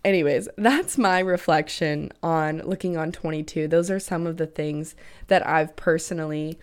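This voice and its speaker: A woman's voice: low voice, normal speed, clean tone. A young woman in her twenties hosting a casual solo podcast, chatty and peppering her talk with "like" and the odd swear word. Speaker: podcast host.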